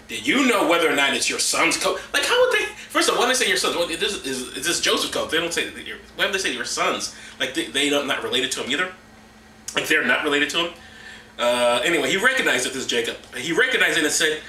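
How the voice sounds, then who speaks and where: Sarcastic male comedy reader, lively pitch, very bright tone, echoey room at a distance. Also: fast, a little hiss or hum. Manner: mocking, jumps into silly high voices for characters. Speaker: comedy vlogger. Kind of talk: sarcastic bible reading commentary.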